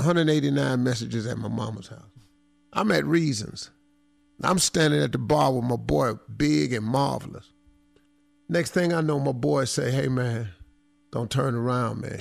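A man's voice: fairly high pitch, normal speed, gravelly, no echo. A middle-aged man, hosting a radio talk show and telling a story with a playful, laughing manner. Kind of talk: storytelling banter.

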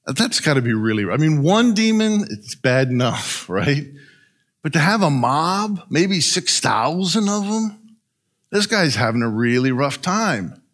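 A man preaching a sermon, retelling a story in an animated way and often asking "right?". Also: mid-range voice. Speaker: pastor.

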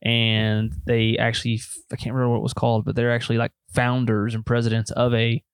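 A man's voice: mid-range voice, monotone, fast, clear, resonant tone, dry recording, studio quality. A man chatting on a podcast, telling rambling jokey stories. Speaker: podcast co-host. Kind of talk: casual chat.

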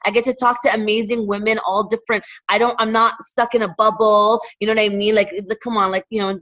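A woman from Toronto who runs a charity, talking casually in an interview, animated and full of fillers. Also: medium pitch, fast. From Toronto, Canada. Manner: animated, fillers of "like", acts out quotes. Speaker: charity founder.

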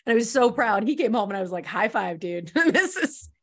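A woman's voice: fairly high pitch, lively intonation, fast talker. A middle-aged woman, a homeschooling mother who is a podcast guest, telling stories in casual conversation and laughing often. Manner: storytelling, laughs often, warm and earnest.

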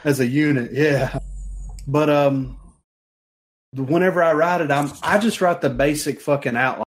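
A man's voice: fairly high pitch, moderate pace. A man in casual podcast chat, telling a story in a laid-back, profane way.

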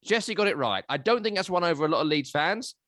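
A man, hosting a casual football analysis chat, chatty and animated. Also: a little high, fast, no room sound, studio quality. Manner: animated, chatty, breaks into silly voices. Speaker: football podcast host.

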